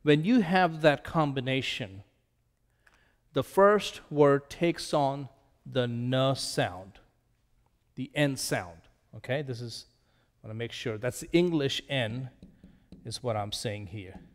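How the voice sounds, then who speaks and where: A middle-aged man teaching a lesson at a whiteboard, speaking slowly and patiently and repeating words so learners can drill them. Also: medium pitch, expressive, in a large hall.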